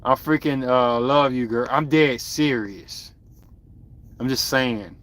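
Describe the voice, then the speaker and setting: A man hosting a podcast, chatting casually and bluntly in slang with animated outbursts as he reacts to viewer comments. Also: mid-range voice, takes it slowly. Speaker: podcast host.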